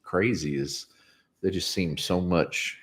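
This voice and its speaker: A man's voice: sits low, slow. A man co-hosting a casual live stream, laid-back, mostly giving short agreeing replies. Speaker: ranch owner, livestream co-host.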